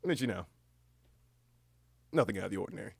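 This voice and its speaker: A man's voice: on the low side, expressive, fast, gravelly, a little mellow, slight background noise. A young man, just woken up, rambling through a casual stream chat with a cracking voice and lots of restarts. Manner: rambling, many fillers and restarts, swears casually. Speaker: livestreamer.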